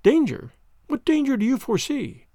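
A man's voice: very high-pitched, very animated, moderate pace, warm tone, dry recording, clean studio sound, pitched above the performer's own voice, full character voice. A man voicing an anxious young woman in a storybook reading, with earnest, polite period speech.

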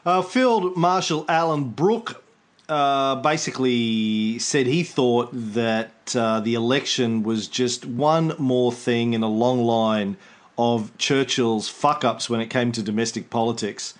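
A man's voice: medium pitch, slow pace. Irreverent man chatting history. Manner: irreverent, swears freely, jokey. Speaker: podcast co-host. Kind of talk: casual history chat.

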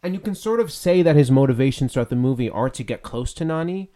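A man co-hosting a podcast in casual chat, playful and quick with asides. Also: mid-range voice, expressive, dark tone. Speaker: podcast co-host.

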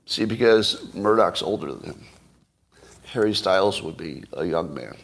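A man's voice: sits low, vocal fry. A man in his sixties hosting a live stream, talking in a sarcastic, mocking way. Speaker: podcast host.

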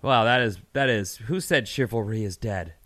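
A man's voice: lowish voice, moderate pace, a bit bright, no echo. A man co-hosting a crude comedy podcast, telling blunt, self-deprecating jokes. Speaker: podcast co-host. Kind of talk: casual crude comedic chat.

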